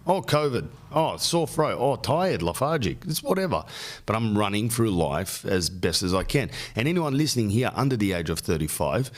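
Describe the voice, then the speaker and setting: A middle-aged man with an Australian accent, hosting a podcast and telling a long, rambling story full of jokes and quick lists. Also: lowish voice, sing-song. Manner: rambling, jokey, riffs on lists. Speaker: podcast host. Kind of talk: casual storytelling monologue.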